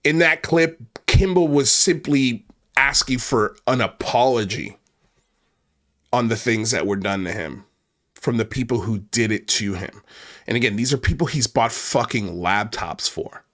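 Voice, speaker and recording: A man's voice: medium pitch, a little slow, a bit bright. Angry, cursing man ranting. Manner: repeats himself and restarts when worked up. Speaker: commentary channel host. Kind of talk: heated online commentary rant.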